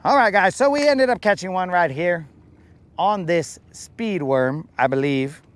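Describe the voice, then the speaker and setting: A man's voice: sits high, animated, a little slow. A man hosting a live fishing stream outdoors on a lake, playful and full of slang as he jokes with his chat. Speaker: fishing livestream host.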